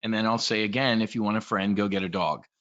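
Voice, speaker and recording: A man's voice: on the low side, steady tone, fast, fairly bright tone, highs cut off. A man giving a casual, blunt and profane trade briefing, talking in a rambling way as a trading educator.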